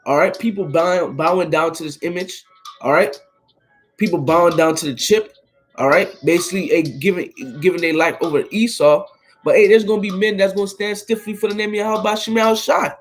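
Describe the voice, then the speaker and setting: A man teaches from scripture in a loose, street-casual manner, checking in with "all right?" as he goes. His voice sits a little high, and he trips and restarts on some words. Soft music plays faintly underneath. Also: steady tone, a little fast, poor audio. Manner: stumbles over words and restarts. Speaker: Bible teacher. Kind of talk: informal scripture reading and commentary.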